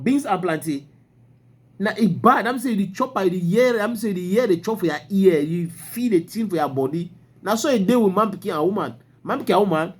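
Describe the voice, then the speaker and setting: Animated Cameroonian Pidgin man, high voice. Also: slightly rough. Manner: animated, mocking, emphatic exclamations. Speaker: news commentator. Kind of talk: opinionated Pidgin news commentary.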